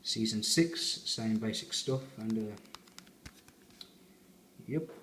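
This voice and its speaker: A man's voice: fairly low pitch, takes it slowly, fairly bright tone, echoey room, a little hiss or hum. A man giving a rambling, chatty fan review as he unboxes a collector's set.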